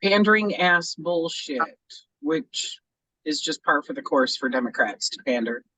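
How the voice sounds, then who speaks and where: Blunt man, bright forceful voice. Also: on the high side, lively intonation, unhurried, slightly rough, distant mic, rough recording. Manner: blunt, heavy swearing. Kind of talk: casual discussion.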